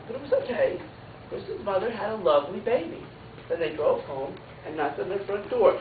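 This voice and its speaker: A woman pre-K teacher reading a picture book aloud to children, an animated storyteller who adds playful asides and moves between loud sound effects and soft narration. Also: medium pitch, brisk. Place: classroom. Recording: tinny, echoey classroom from far off. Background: loud classroom noise.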